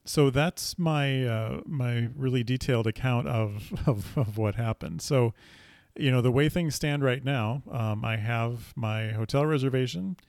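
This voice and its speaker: Casual male storyteller, gravelly and halting, full of fillers, recorded dry. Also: medium pitch, darkish tone, no room sound. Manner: rambling, full of fillers and restarts.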